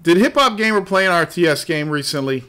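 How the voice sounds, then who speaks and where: A man's voice: on the high side, animated, fast talker, bright, forceful tone, clear, resonant tone. A man hosting a gaming podcast, chatting casually about game news, swearing freely and laughing often. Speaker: podcast host.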